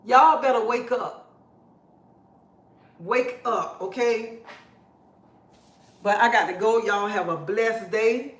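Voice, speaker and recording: A woman's voice: a little high, takes it slowly, long pauses, reverberant. Fiery woman ranting on a phone livestream. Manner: preachy, blunt, fiery. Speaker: livestream host. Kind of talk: impassioned livestream rant.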